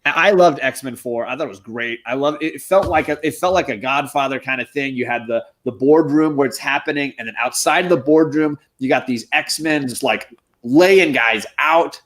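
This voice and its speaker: A man's voice: mid-range voice, normal speed, a bit bright. A man co-hosting a casual comic book live stream, upbeat and joking as he reads out names from the chat. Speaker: comic book show co-host.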